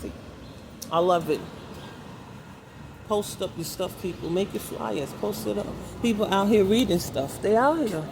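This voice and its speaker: A sarcastic, talkative woman vlogs as she walks through the city, speaking in loose street slang. It was recorded on a phone held out in front of her, with loud street noise and passing cars behind her voice. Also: mid-range voice, unhurried, vocal fry, pauses often. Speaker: vlogger. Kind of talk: casual walking vlog.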